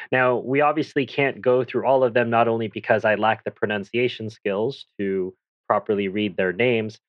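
A young man hosting a talk show, reading notes in a measured, dryly ironic way. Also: medium pitch, no echo. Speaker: host. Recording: dull dry lo-fi sound.

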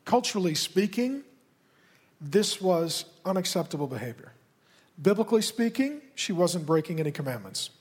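A man's voice: high-pitched, big pitch swings, normal speed, breathy edge. A man preaching a sermon as pastor, talking directly and conversationally to the congregation with pointed asides. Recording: reverberant hall.

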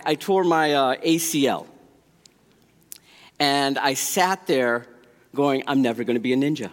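A man with a high-pitched voice tells stories from the pulpit. He swings between loud bursts and quiet, hushed asides. His voice carries a long reverb from a big church hall. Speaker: preacher. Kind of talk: sermon storytelling.

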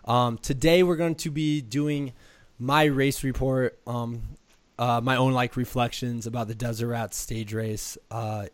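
Hoarse man with a cold, dry sound. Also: medium pitch, steady tone, measured pace, no room sound. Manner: rambling, filler-heavy, upbeat. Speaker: podcast host. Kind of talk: casual podcast chat.

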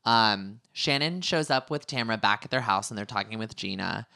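Gossipy, animated male podcast co-host. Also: on the low side, moderate pace, vocal fry, dry recording, studio quality. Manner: gossipy, animated, many fillers. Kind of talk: casual reality-TV recap chat.

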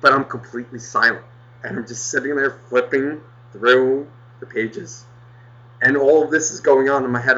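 A man's voice: medium pitch, normal speed, bright, forceful tone, lo-fi sound. A man telling a story in a casual, exasperated rant, swearing heavily as he goes. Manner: profane, exasperated, heavy swearing. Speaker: podcast co-host.

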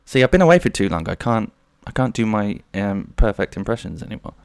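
A man's voice: fairly low pitch, sing-song, brisk, gravelly, clean tone, no room sound, studio quality. A man in his thirties hosting a podcast solo, rambling through jokey anecdotes. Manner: rambling, jokey, slips into silly voices. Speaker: podcast host.

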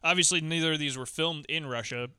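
A man's voice: fairly high pitch, quick pace, bright, forceful tone, clear, resonant tone, dry recording. A man co-hosting a podcast in casual, comedic chat; he giggles a lot and steers the talk. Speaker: podcast co-host.

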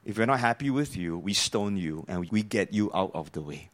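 A man preaching voices an accusing crowd of men who speak in a low, grim and menacing way. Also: animated, moderate pace, fairly bright tone.

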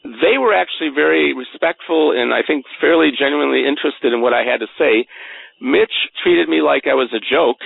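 This guest author has a gravelly, husky voice that is a little high and a little fast, and he comes through over a tinny phone line. Relating a personal story in an interview, he is earnest and animated, frequently tripping over repeated words.

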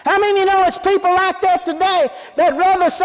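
A man preaching a sermon in a very high voice for a man, folksy and emphatic. He keeps asking the congregation whether they follow him. The sound carries a long reverb, as in a large hall. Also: fairly even intonation, a little fast, few pauses, fairly bright tone.

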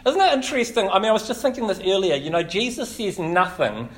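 A New man preaches in an easygoing, conversational way, full of ums and likes. His voice sits a little higher than most men's. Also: quick pace. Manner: relaxed, chatty, with frequent fillers. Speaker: pastor. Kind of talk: casual sermon.

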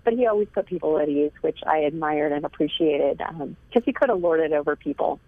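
A woman's voice: deep voice, animated, fairly quick, dry recording. A woman author talks earnestly over a thin, phone-like line. Her tone is heartfelt and she laughs lightly between stories. The sound is dry and close, with no room around it. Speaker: author and interview guest. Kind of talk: phone interview.

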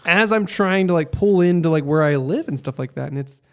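A man's voice: on the high side, brisk. A man talking casually and emphatically as a podcast co-host. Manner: emphatic, agreeable, uses fillers. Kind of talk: casual chat.

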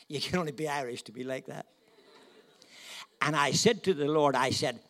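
Animated man preaching with humour. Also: a little high, fairly quick. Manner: animated, humorous, laughs often, swings from hushed to loud. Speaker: guest preacher. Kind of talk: storytelling sermon.

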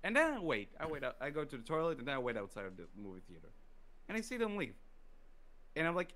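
A man telling a story in casual podcast chat, profane and animated, acting out quotes. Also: a little high, quick pace.

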